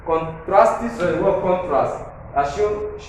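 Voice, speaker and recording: A man with a Nigerian English accent teaches a grammar lesson at a slow, deliberate pace. He repeats his points and counts out syllables one by one. His voice rings in a very echoey room over a faint background hiss. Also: sits high, animated. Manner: repetitive, checks understanding, counts syllables aloud.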